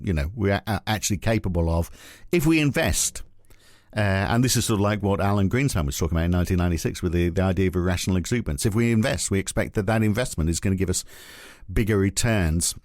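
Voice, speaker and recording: A man's voice: deep voice, a little mellow, dry recording, clean studio sound. A man co-hosting a podcast, musing in casual chat with frequent restarts and fillers. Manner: musing, rambling, many restarts. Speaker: podcast co-host.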